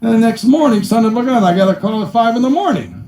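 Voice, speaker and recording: A middle-aged man doing stand-up accountant jokes, acting out his clients in high voices and punching each punchline with 'ba-boom'. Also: expressive, fast, a little mellow. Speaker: comedian and musician telling accountant jokes. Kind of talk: stand-up joke telling. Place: small room with a live audience. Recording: echoey room, mic at a distance.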